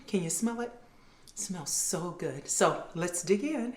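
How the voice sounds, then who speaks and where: A woman's voice: fairly low pitch, very animated, a little slow, darkish tone, reverberant. A woman hosting her own cooking vlog from her kitchen, chatting casually to viewers as she cooks. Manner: chatty, addresses viewers as "you guys". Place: home kitchen.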